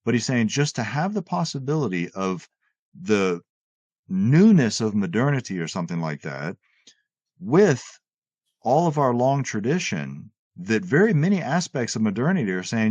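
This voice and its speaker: A man discussing philosophy in casual conversation, animated and often restarting his words as he paraphrases an author. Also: mid-range voice, moderate pace, no room sound, muffled recording. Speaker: podcast co-host.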